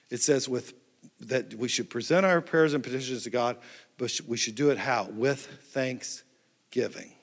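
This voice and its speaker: A man preaching a lively, playful sermon to a church crowd on a handheld mic. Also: mid-range voice. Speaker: pastor. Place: large church hall. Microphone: handheld microphone. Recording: echoey church hall.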